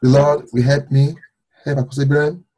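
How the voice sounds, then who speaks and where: A man, an apostle, leading fervent prayer and preaching a sermon, repeating phrases and rising to shouts. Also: mid-range voice, level tone, fairly quick. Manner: fervent, repetitive, shouting at times.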